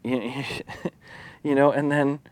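A man's voice: medium pitch, fairly even intonation, slow, darkish tone. A man preaching a sermon as a lay leader, speaking candidly and confessionally, with restarts and small laughs.

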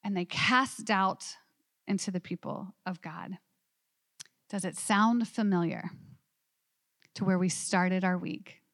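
A woman teaching a women's Bible study class, animated and asking her listeners questions. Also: medium pitch, takes it slowly, long pauses, no room sound, studio quality.

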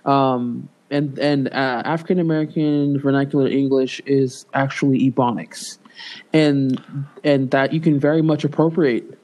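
A man co-hosting a podcast in casual chat, relaxed and hesitant, with many ums and frequent laughter. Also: medium pitch, normal speed, poor audio. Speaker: podcast co-host.

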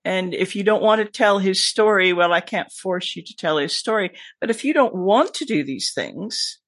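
Podcast guest, mostly American accent with a Scottish tinge, emphatic, lively asides, dry close sound. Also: medium pitch, normal speed, no room sound. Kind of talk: casual conversation.

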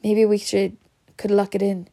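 Woman reading a young boy wizard, hushed urgent storybook voice, some fry. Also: medium pitch, level tone, normal speed, no echo, clean studio sound, natural voice.

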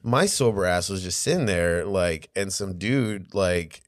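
A man's voice: sits low, expressive, a little slow, no room sound, clean studio sound. A man co-hosting a casual podcast, telling a story in a laid-back way with lots of fillers and swearing. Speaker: podcast co-host.

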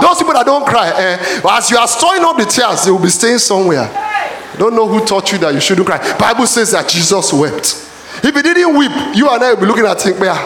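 A man preaching a sermon in a church, often shouting calls to the congregation. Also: high-pitched, a little hiss or hum. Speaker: pastor. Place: church hall. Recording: echoey church hall.

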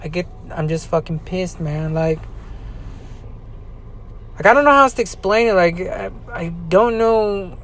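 A man on a podcast, venting in an angry personal monologue, swearing constantly and repeating himself between halting fillers. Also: high-pitched, fairly bright tone, slight background noise. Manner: profane, ranting, repetitive.

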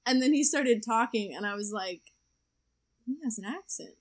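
A woman's voice: on the high side, normal speed. A young woman telling a dating story in a casual podcast chat, chatty and laughing often. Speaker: podcast co-host.

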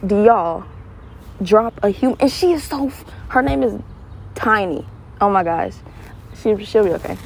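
Young woman podcast host, animated solo talker, mid-range voice. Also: mid-range voice, normal speed, gravelly, long pauses, slight background noise, rough recording. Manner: animated storyteller, laughs often, swings to earnest advice. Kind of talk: casual solo monologue.

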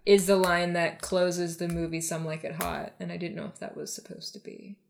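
Lowish-voiced woman chatting on a podcast, lots of ums and restarts. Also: level tone, normal speed, vocal fry, background noise. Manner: chatty, many fillers and restarts. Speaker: podcast co-host. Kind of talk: casual chat.

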